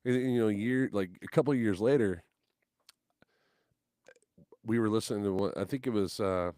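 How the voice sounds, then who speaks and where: A man's voice: fairly low pitch, normal speed, no room sound, clean studio sound. A man telling stories in casual podcast chat, acting out the voices in them and swearing casually. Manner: animated storyteller, acts out quotes, swears casually. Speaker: guest musician.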